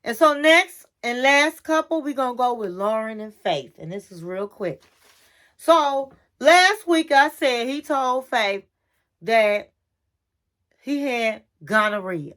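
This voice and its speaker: Gossipy woman, high voice, slow casual recap. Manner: gossipy, animated, says honey a lot. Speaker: reality TV recapper.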